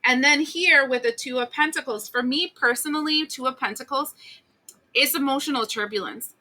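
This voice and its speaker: A woman giving a casual tarot reading, blunt and animated, swearing and acting out the listener's complaints. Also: sits high, moderate pace. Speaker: tarot reader.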